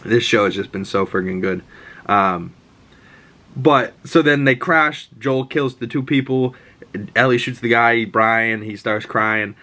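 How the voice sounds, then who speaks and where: A man in his twenties talks through a TV episode in a loose, excitable ramble. He swears freely and leans on fillers. His voice sits at an ordinary middle pitch. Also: a little slow. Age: 20s. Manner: rambling, profane, enthusiastic with fillers. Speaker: TV show recap vlogger. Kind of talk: casual show recap.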